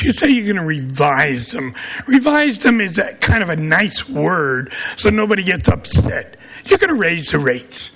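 A man's voice: sits high, bright, forceful tone. A man with a Brooklyn accent giving blunt, combative public testimony at a city council meeting.

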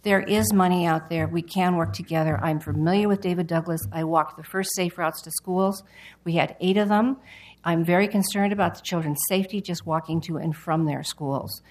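A woman with a notably low voice speaks before a city council. Her testimony is earnest and urgent, delivered in short, direct statements. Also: moderate pace, a little mellow, poor audio. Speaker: public commenter at a city council hearing.

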